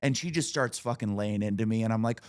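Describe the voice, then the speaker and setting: A man's voice: on the low side, fast talker. A man in his forties hosting a podcast, telling stories in a blunt, profane, casual way. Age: 40s. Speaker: podcast host.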